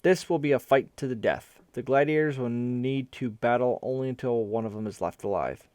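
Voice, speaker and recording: A man's voice: mid-range voice, normal speed, a little mellow, no room sound, close to an everyday voice. A man voicing a bored male arena announcer making formal announcements in a storybook reading.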